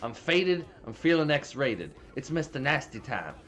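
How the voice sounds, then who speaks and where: A man's voice: mid-range voice, big pitch swings, measured pace, fairly bright tone. A man doing a stoned, musing uncle. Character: stoned middle-aged uncle, lazy and horny.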